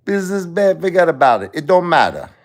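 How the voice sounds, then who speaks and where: A man's voice: on the high side, sing-song, brisk, pitched above the performer's own voice. A man voicing an older Sicilian pizzeria owner with a Sicilian Italian accent, lecturing emphatically in broken English. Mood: insistent lecturing.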